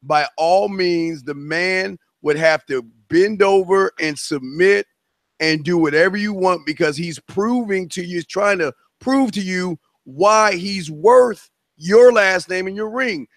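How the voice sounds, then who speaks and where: A man hosting a podcast, lecturing the room with preachy certainty and drawn-out emphasis. His voice sits high and the sound is dry and close. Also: no echo. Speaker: podcast host.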